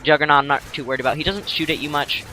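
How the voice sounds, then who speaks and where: A man's voice: a little high, fairly even intonation, very fast, bright, forceful tone, faint music behind. A young man casually narrating his gameplay as a tutorial, rambling and jokey, acting out enemies in silly voices.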